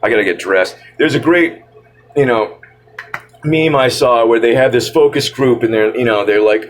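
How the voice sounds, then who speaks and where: A man's voice: medium pitch, moderate pace, a little hiss or hum. A man ranting casually to the camera, rambling and stammering in an irritated way, with a nasal voice. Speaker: vlogger.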